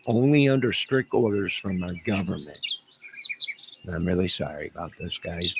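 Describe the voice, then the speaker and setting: A deep, gravelly-voiced man rambles through a folksy, joking livestream rant. He is recorded outdoors, with steady background noise and birds chirping behind him. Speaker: livestream host. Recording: noisy outdoor audio with birdsong.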